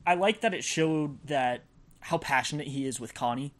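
A young man co-hosting a podcast in casual chat, relaxed and laughing easily. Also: fairly high pitch, normal speed. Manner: relaxed, laughs often, fillers like "like". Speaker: podcast co-host.

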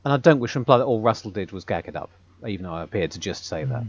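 Low-voiced man with wry, flowing talk. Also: lively intonation, very fast, breathy edge, highs cut off. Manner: articulate, wry, talks in long flowing sentences. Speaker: podcast co-host, audio drama writer. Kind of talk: casual podcast discussion.

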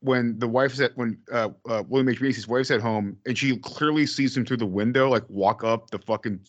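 A man's voice: medium pitch, steady tone, a little fast, muffled recording. A man co-hosting a casual movie podcast, rambling and swearing with many restarts. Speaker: podcast co-host.

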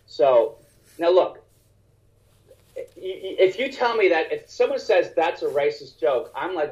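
A male comedian spins a story in a lively, foul-mouthed way, slipping into the voices of the people in it. His voice sits a little high for a man. The recording is dull and lo-fi. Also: unhurried, long pauses. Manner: animated, profane, acts out other people's lines. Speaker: stand-up comedian. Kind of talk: casual conversational storytelling.

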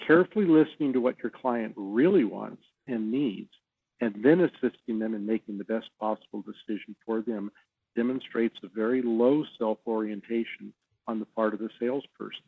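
A man who trains salespeople, talking as a podcast guest and explaining in a measured way with easy laughs. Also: fairly low pitch, vocal fry, slightly rough, no echo. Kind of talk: podcast interview. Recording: tinny phone-like line.

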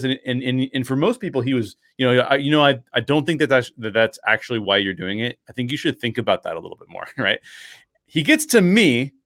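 Animated male podcast host telling a story. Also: mid-range voice, dry recording, studio quality. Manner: animated storyteller acting out quotes, many restarts.

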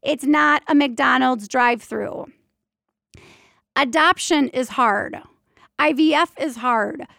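A woman with a high voice and a gravelly, fry-laced edge tells stories from her doula work in a loose, animated monologue. She is candid and playful and drops the odd mild swear. The sound is close and dry, with no room around it. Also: slow pace, pauses often, dry recording. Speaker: doula and prenatal yoga teacher. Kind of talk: casual storytelling monologue.

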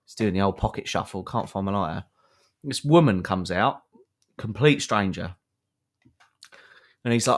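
Man, lowish voice, rambling comic anecdote, podcast host. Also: moderate pace, long pauses. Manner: animated anecdote with many fillers and acted quotes. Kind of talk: storytelling to a co-host.

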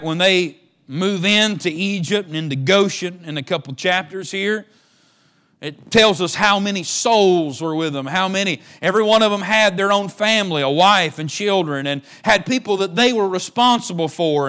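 A man's voice: sits high, a bit bright. A man preaching a sermon, folksy and repetitive, often restarting his words.

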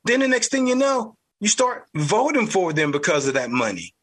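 A man with a Southern US accent, hosting a podcast with blunt, fired-up political commentary, mild cursing and a husky voice. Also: sits high, big pitch swings, moderate pace, a bit bright. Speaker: podcast host.

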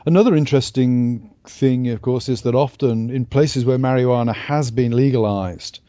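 A man co-hosts a podcast discussion with a dark, mellow voice and a measured, wry delivery. The audio is dull and lo-fi, recorded in a dry, dead space. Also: mid-range voice, no echo. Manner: dry, self-deprecating, measured. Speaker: co-host.

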